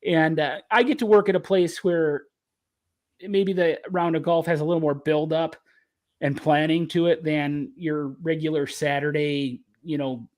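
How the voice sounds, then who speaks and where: A man talking as an interview guest, a caddie reflecting earnestly and often restarting his sentences. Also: a little high. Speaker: caddie and author, podcast guest. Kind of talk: casual interview talk.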